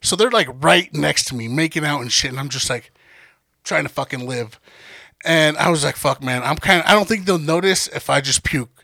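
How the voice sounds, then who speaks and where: A man's voice: on the high side, a little fast, creaky, no echo, clean studio sound. A young man casually telling a profane party story, acting out what everyone said and laughing often. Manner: animated, acts out quotes, laughs often. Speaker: podcast guest storyteller.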